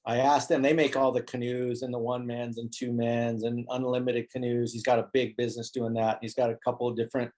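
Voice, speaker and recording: A man telling a story as an interview guest, animated and acting out the voices of people he quotes. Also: mid-range voice. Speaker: interview guest, foil board maker. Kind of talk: casual storytelling.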